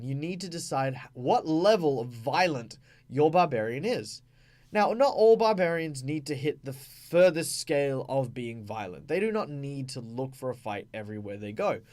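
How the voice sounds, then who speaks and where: A man with an Australian accent, hosting a tabletop gaming channel, explaining in a chatty way with many fillers. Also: medium pitch. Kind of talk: casual explanatory talk.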